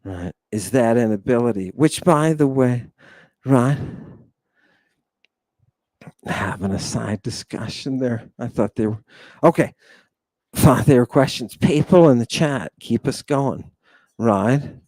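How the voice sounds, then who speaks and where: A man's voice: mid-range voice, slow, pauses often, a little mellow, dry recording. A man teaching a jokey livestream lesson, theatrical and playful, calling out to his viewers. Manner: theatrical, joking, addresses viewers as people. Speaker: online language teacher.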